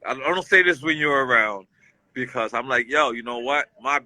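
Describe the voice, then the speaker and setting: A man's voice: medium pitch, normal speed, pushed and bright, no room sound, low-quality recording. A man speaking as a guest in a casual, heartfelt conversation. He tells a story with feeling and repeats himself often. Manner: emotional, repetitive, storytelling.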